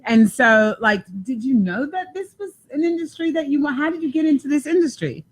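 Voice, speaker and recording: A woman's voice: high-pitched, lively intonation, brisk. Effusive woman hosting a talk show. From United States. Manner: effusive, emphatic, repeats herself for emphasis. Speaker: talk show host and life coach. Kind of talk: casual enthusiastic talk show.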